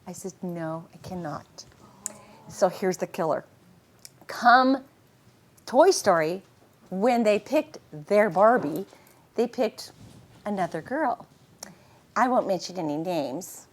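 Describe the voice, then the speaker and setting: A middle-aged woman, a voice actress, telling casual anecdotes in an animated way and laughing often. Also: medium pitch, slow pace, long pauses. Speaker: voice actress and interview guest.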